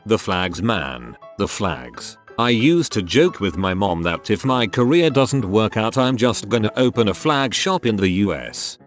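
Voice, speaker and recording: A man narrating a series of reader-submitted stories in a steady read-aloud style. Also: on the low side, measured pace, few pauses. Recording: faint background music.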